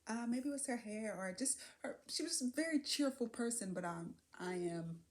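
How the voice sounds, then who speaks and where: A woman vlogging, talking through a personal experience in a candid, musing way, often trailing off with fillers and soft laughs. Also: on the high side, animated, moderate pace. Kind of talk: reflective personal vlog.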